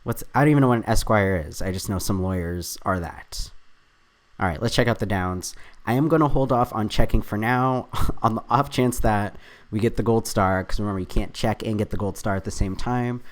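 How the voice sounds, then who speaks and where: Speaking a little fast in a lowish voice, a man runs his own video while working a crossword. He thinks out loud, reads clues partly to himself and drops chatty, self-deprecating asides.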